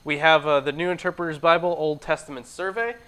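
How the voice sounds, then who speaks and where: A man's voice: on the high side, fairly even intonation, fast talker, pushed and bright, smooth. A man co-hosting a casual group discussion, laid-back, laughing often and swearing offhandedly. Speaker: co-host.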